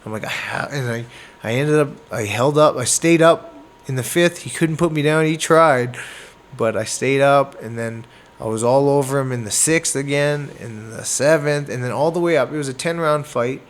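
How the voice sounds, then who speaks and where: Canadian boxer telling a fight story. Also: male voice, medium pitch, normal speed. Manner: animated, acts out moments with sound words. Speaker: boxer guest. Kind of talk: casual storytelling interview.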